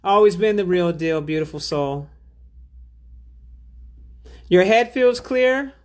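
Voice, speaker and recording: A woman's voice: lowish voice, lively intonation, takes it slowly, darkish tone. A woman hosting a spiritual livestream, reading out chat and donations in a drawling, affectionate way, calling viewers baby and beloved.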